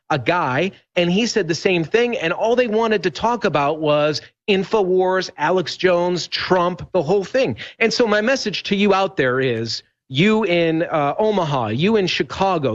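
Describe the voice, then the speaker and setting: A fairly high-voiced man tells stories in a rambling, emphatic way on a talk show. The audio is dull and lo-fi, like a broadcast feed. He keeps restarting sentences as he pushes his point. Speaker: radio host guest. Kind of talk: animated talk show conversation.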